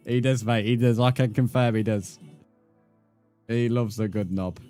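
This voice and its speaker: A man's voice: mid-range voice, measured pace, dark tone, soft background music. A man livestreaming a game, chatting bluntly and swearing as he reads out his chat. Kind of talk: casual live gaming stream chat.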